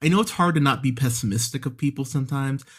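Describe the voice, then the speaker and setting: A man's voice: mid-range voice, fast talker, slightly rough. Chatty man hosting a review podcast. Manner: chatty, laughs often, many fillers and restarts. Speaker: movie podcast host. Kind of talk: casual review chat.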